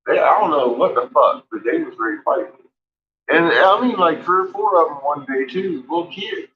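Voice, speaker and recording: A man's voice: fairly high pitch, lively intonation, moderate pace, a crowd in the background. Foul-mouthed man rambling on a dull stream. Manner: heavy swearing, laughs between remarks. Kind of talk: rambling casual storytelling.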